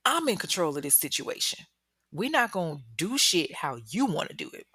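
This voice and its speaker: Casting: a woman doing a volatile captor boyfriend, blunt and slangy, low and dry. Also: very animated, moderate pace, bright, forceful tone, slightly rough, dry recording, full character voice. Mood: menacing. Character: volatile controlling man, boyfriend turned captor.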